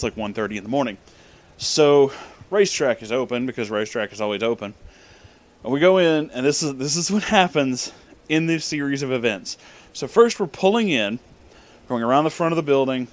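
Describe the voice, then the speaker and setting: A young man casually telling a story about a road trip, swearing freely and laughing often. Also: mid-range voice. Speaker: vlogger.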